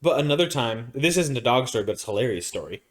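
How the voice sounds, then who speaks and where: A man's voice: medium pitch, fast. Rambling man telling a podcast story. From Arizona, United States. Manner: rambling, animated storyteller with many restarts and fillers. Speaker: podcast co-host. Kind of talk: casual storytelling chat.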